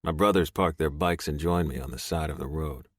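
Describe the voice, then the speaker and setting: A man narrating a romance audiobook in first person, gruff, profane and intense. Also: rumbling low, brisk, dry recording, clean studio sound.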